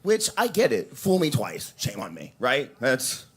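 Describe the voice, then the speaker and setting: Crude, lively young male comic. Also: medium pitch, measured pace, breathy edge. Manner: crude, rambling, jumps into shouted impressions. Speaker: open mic comedian. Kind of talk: stand-up comedy set. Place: coffee shop open mic stage.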